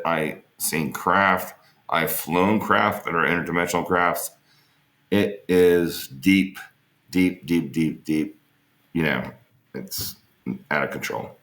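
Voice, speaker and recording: A man being interviewed online tells rambling, jokey stories casually and swears freely. His low voice has a fairly bright tone, and the room sounds echoey.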